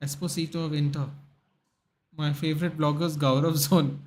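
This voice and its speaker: A man's voice: a little high, flat delivery, moderate pace. A young man hosting a live football watchalong stream, chatting casually, answering viewers in the chat and reading out names and match stats.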